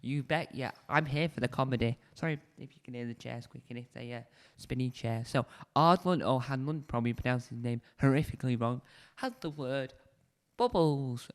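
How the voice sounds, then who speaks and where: Here a man speaks at normal speed in a medium pitch, hosting a casual solo video review of a show. Chatty and rambling, he often self-corrects, seated indoors on a squeaky spinny chair with a desk mic close to his face.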